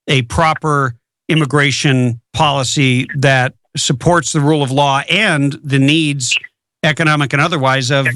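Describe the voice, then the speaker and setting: Emphatic bright-voiced male radio host. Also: medium pitch, no room sound, clean studio sound. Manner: emphatic, repeats words for stress. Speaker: radio talk show host. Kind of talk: political talk radio.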